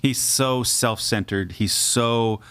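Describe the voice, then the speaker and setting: A man's voice: mid-range voice, slow pace, a bit bright, clean tone, no echo. A man co-hosting a casual Bible discussion podcast, explaining the scripture in plain conversational terms. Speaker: podcast co-host.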